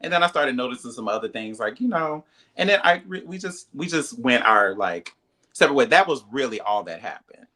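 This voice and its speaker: Bright-voiced man telling his side. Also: fairly quick. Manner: animated, acts out quoted dialogue in a higher voice; frequent "like" and "you know" fillers. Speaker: reality TV cast member, guest. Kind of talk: candid interview storytelling.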